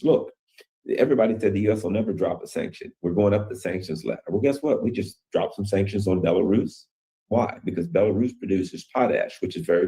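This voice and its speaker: Deep-voiced man musing on world news. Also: mellow. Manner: rambling, conversational, rhetorical questions. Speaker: commentator. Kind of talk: casual political commentary.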